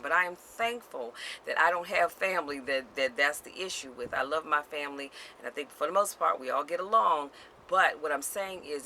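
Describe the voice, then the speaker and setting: Bright, emphatic woman vlogger. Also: low voice, slight background noise, rough recording. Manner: emphatic, repeats key lines, addresses viewers directly. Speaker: motivational vlogger. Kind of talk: direct-to-camera motivational talk.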